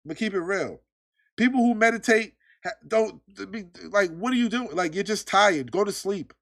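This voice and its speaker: A man's voice: high-pitched, moderate pace, a bit bright. A man hosting his own podcast, ranting in casual, profane chat. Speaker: podcast host.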